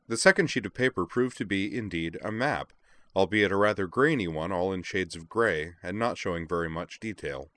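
A man reading a story aloud in a wry, measured storytelling manner. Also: deep voice, a bit bright, dry recording. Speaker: narrator. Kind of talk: audiobook narration.

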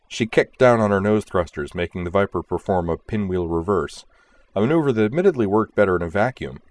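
A very deep-voiced man reads a space adventure audiobook. His delivery is steady and even. He narrates at an unhurried pace.

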